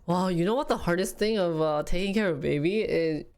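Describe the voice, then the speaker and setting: Young woman rambling on stream, lowish voice getting hoarse, laughs a lot. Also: a little fast. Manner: chatty, rambling, laughs often, quotes family in lively bursts. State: losing her voice. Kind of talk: casual livestream chat.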